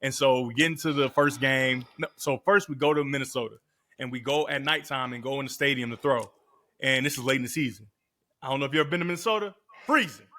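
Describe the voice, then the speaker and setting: A man in his thirties, a podcast guest and former quarterback, telling stories in a casual, slangy, animated way. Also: medium pitch, fast. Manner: animated, slangy storyteller who acts out quotes. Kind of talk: casual storytelling.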